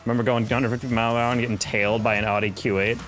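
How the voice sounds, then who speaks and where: A man's voice: medium pitch, little pitch movement, very fast, fairly bright tone, soft background music. A young man chatting casually on a live game stream, rambling and reacting to chat while he plays.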